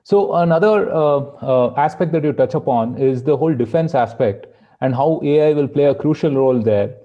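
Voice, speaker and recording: A man's voice: fairly high pitch, moderate pace, mellow, lo-fi sound. A man hosting a podcast, asking a long question with hesitant fillers. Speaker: podcast host. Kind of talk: interview questions.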